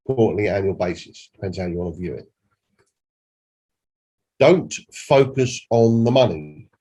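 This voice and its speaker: A man's voice: medium pitch, darkish tone, slightly rough. A man, a company director, giving an emphatic, repetitive training presentation and demonstrating on screen.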